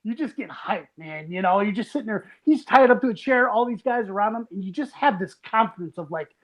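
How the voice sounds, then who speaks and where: A man co-hosting a casual movie podcast, animated and quick to laugh as he acts out scenes. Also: high voice. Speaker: podcast co-host.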